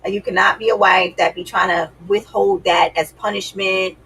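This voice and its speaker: A woman's voice: mid-range voice, steady tone, normal speed, a bit bright, husky, poor audio. A woman giving dating advice to her viewers in a sassy, emphatic, casual way. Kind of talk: casual advice talk to camera.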